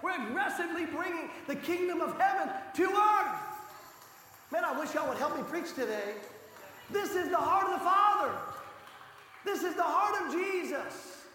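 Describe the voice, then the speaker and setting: A pastor preaching a passionate sermon, his voice rising to shouts for emphasis. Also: very high voice, lively intonation, normal speed. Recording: echoey hall reverb.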